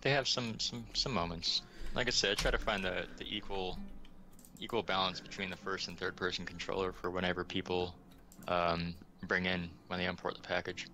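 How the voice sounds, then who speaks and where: A man from the United States with a very low, bright and forceful voice, chatting casually as a guest. He talks about his work with enthusiasm, filling pauses with ums. Faint music plays underneath. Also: steady tone. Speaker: game asset developer guest. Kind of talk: casual interview chat.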